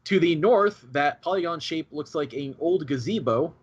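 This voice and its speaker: Gm guy describing the scene, husky sore throat, bouncy pitch, muffled mic. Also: animated. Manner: descriptive, playful, measured narration. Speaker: game master. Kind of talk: narrating a tabletop game. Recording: dull lo-fi mic.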